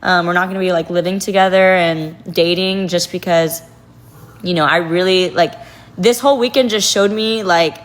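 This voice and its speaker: A woman's voice: fairly low pitch, steady tone, normal speed. A young woman tells a personal story in a loose, confessional way. Her speech is restless and emotional, packed with "like" and restarts. She sounds like a guest talking openly about something that shook her. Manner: heavy use of "like", emotional and restless. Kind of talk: casual confessional account.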